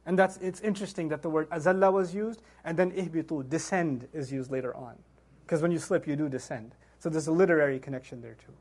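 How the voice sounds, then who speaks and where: A man giving a religious talk, telling a story with lively rhetorical questions. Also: a little high, quick pace, husky. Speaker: Islamic speaker.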